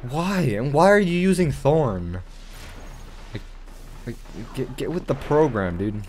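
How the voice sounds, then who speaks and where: Brief: young male gaming host, casual, swears often, very animated pitch. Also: unhurried, a little hiss or hum. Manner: excitable, swearing, with sudden outbursts. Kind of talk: casual gameplay commentary.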